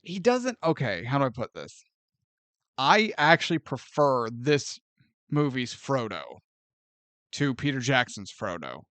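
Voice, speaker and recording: A man co-hosting a casual film review podcast, laughing often and talking with lively energy. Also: mid-range voice, measured pace, no room sound. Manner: animated, laughing often, acting out characters' lines. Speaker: podcast co-host.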